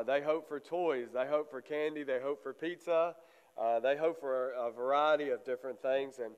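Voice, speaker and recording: A congested man preaching a sermon in church, halting often with fillers. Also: fairly high pitch, a little mellow, clear, resonant tone. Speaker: lay preacher. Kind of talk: sermon with prayer. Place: church sanctuary. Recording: long church reverb.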